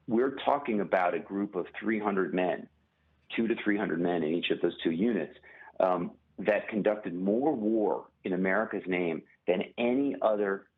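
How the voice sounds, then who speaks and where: A man with a deep, husky voice comes through a tinny phone line. He talks as a guest author in an interview, in a measured, halting way, pausing and restarting as he picks his words. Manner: measured, many pauses and restarts.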